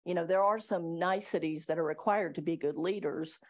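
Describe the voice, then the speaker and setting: A woman's voice: lowish voice, a little fast, a little mellow. A middle-aged woman attorney giving a live workplace training talk to staff, chatty and self-deprecating, often laughing between points. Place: meeting room with live audience.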